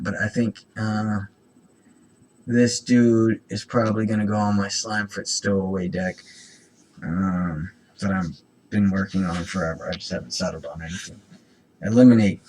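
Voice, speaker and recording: A man's voice: lowish voice, gravelly, slightly rough, poor audio. A man with an itchy throat hosting a casual card-opening video. He reads card text aloud and rambles through asides. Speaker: host.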